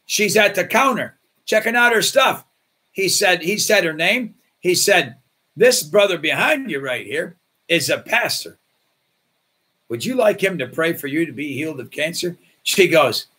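Animated high-voiced husky preacher man. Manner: animated, acts out voices in his stories. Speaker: pastor. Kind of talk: sermon with storytelling.

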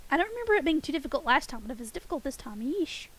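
Giggly high-voiced woman streamer. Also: sing-song, very fast, poor audio. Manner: playful, giggly, chatty. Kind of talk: casual game stream chat with chat.

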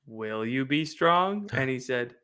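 A young man co-hosting a podcast, chatting about his small son in a relaxed way that trails off softly. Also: mid-range voice, slow, a little hiss or hum. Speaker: podcast co-host. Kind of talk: casual chat.

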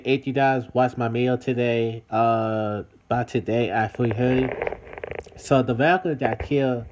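A man's voice: mid-range voice, darkish tone, slight background noise. A man talking in a casual vlog to his viewers, repeating himself and calling out to everybody. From United States. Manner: repetitive, addresses viewers as everybody. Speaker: vlogger. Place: city.

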